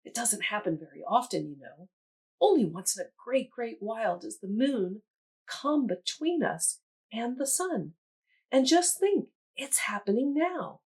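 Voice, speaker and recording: A woman reading aloud and voicing a calm, wise old turtle in a children's story. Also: on the high side, slightly rough, heavily acted. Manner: slow, soothing.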